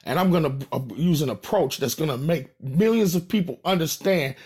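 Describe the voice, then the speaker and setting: A man from St. Louis with a St. Louis accent, talking straight to his audience in a profane, animated rant and repeating his points for emphasis. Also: fairly high pitch, moderate pace, slightly rough. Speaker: rapper. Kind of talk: casual direct-to-camera rant.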